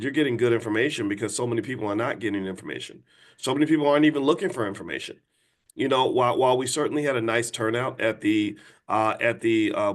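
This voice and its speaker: Emphatic preachy middle-aged man. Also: fairly bright tone. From United States. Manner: preachy, emphatic, with sudden high mocking voices. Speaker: host. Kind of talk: live-stream talk to viewers.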